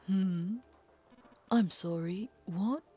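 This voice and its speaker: A woman voicing a calm, sadistic middle-aged male killer, talking slowly in a hushed, mocking, polite way. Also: medium pitch, slightly rough, dull audio, faint music behind. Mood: taunting. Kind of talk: dramatic reading of game text.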